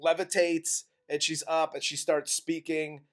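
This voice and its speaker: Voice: medium pitch, little pitch movement, a little slow. A co-host of a comedy movie review podcast, retelling the plot in a crude, exasperated, laughing way.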